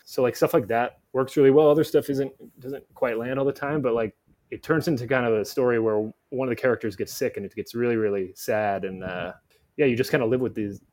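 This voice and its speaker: A man's voice: medium pitch, steady tone, a little fast, darkish tone. A man speaking as a guest film critic in a casual podcast conversation, rambling with lots of "like" fillers.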